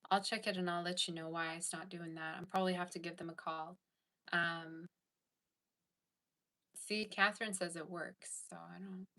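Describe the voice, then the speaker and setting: A woman's voice: fairly low pitch, flat delivery, normal speed, sharp tone. A woman hosting a casual tarot livestream, chatting and reading viewer comments aloud. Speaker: tarot reader and livestream host.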